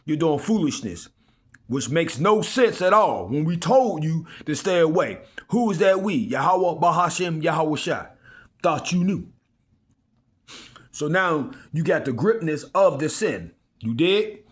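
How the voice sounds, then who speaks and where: A man preaching in an informal sermon, reading old scripture slowly and emphatically and breaking into slangy asides. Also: on the high side, animated.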